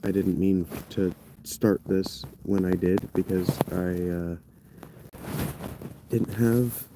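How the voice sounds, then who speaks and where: A man's voice: fairly low pitch, background noise. Rambling man livestreaming from a tent. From Ohio. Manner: rambling, easily frustrated, apologetic. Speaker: livestreaming creator. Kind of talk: casual livestream chat. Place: inside a wet tent, in a sleeping bag. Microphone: phone camera set down close.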